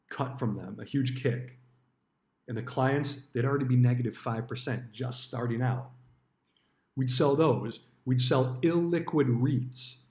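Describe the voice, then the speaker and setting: A man tells stories from his years as a stockbroker in a blunt, offhand way, and swear words come easily. His pitch sits in the middle. The recording has a roomy echo. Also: darkish tone. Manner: blunt, swears freely, acts out quoted dialogue. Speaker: retired stockbroker telling stories. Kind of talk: casual storytelling monologue.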